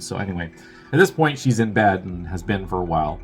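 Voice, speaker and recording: A young man with a somewhat low voice hosts a movie review and retells the plot in a loose, rambling way. He swears freely and drops wry asides between lots of filler words. Faint music plays behind him. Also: lively intonation, brisk. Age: young adult. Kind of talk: casual spoken film recap.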